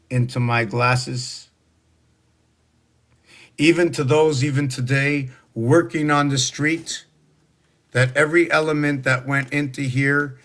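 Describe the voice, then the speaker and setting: A man in his sixties giving a rambling, preachy spoken monologue full of rhetorical questions. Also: medium pitch. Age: 60s. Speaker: social media monologuist.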